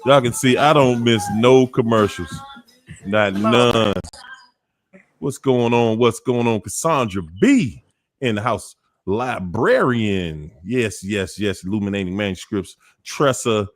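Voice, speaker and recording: A man hosting a casual livestream, greeting chat viewers by name in an animated way, drawing out names and laughing often. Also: lowish voice, slow. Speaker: livestream host.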